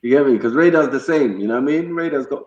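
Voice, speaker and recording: A man's voice: medium pitch, quick pace, a little mellow. A man hosting a livestream, chatting casually in slang and freestyling. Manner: slangy, laid-back, repeats "you get me". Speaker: livestream host. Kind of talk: casual chat and freestyle rap. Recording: roomy, dull lo-fi stream audio with faint music.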